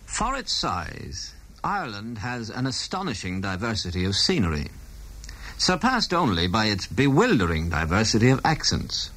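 A man performing a recorded comic monologue, with a measured delivery that slips in and out of regional voices. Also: on the low side, a bit bright, husky. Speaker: comedian performing an accent monologue.

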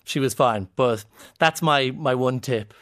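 A comedian guest from Ireland tells playful, joking anecdotes in a casual interview, speaking with an Irish accent. His medium-pitched voice is a bit bright, and his pace is a little slow.

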